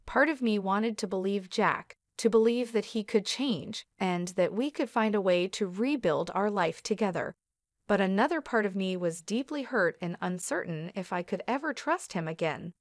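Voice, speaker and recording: A mid-pitched woman narrates a first-person story in an even, steady way. The sound is close and dry, with no room around it. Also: moderate pace, no echo.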